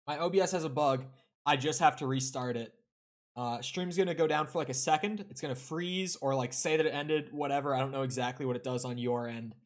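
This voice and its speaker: A young man streaming a video game, chatting casually with his viewers and swearing now and then while he plays. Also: on the high side. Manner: chatty, swears, talks to chat while playing. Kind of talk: casual live-stream chat over gameplay.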